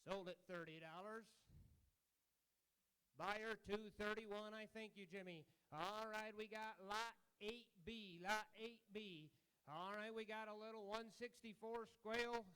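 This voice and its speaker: Clear high-voiced male auctioneer. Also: fairly even intonation, bright, forceful tone. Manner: brisk patter, rolling chant of numbers. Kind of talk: auction bid calling.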